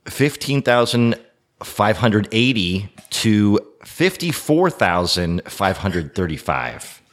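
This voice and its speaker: A man's voice: lowish voice, very animated, takes it slowly, a bit bright. A man hosting a casual podcast chat during a hot sauce tasting, joking and laughing often. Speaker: podcast host.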